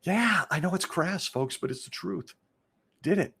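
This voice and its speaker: A man's voice: high voice, animated, measured pace, gravelly, bright, forceful tone, husky. A middle-aged man and former church elder, candidly recounting a personal story to his listeners in an earnest monologue. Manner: earnest, candid, talks straight to listeners as "folks". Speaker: former congregation elder, show host.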